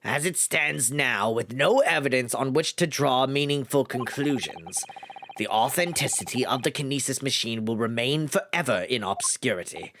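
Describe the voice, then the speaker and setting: A man voicing a haughty male prosecutor, deliberate and formal in his delivery. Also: medium pitch, expressive, a bit bright, slight background noise, pitched below the performer's own voice.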